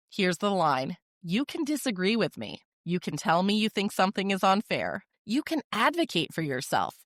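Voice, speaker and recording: A woman hosting a parenting podcast, giving advice in a calm, firm, direct manner with short, deliberate sentences. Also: fairly low pitch, dry recording, clean studio sound. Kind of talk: scripted advice monologue.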